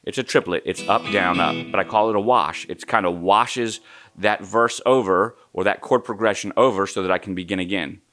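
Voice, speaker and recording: A man's voice: low-pitched, normal speed, a bit bright. A man giving a guitar lesson in an easygoing way, counting the strum pattern aloud. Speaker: guitar teacher. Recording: guitar playing under the voice.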